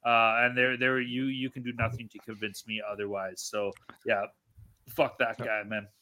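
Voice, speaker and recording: A man's voice: medium pitch, little pitch movement, moderate pace, pushed and bright. A man co-hosting a sports-betting podcast, ranting in casual chat and swearing constantly. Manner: profane, ranting, exasperated. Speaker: podcast co-host.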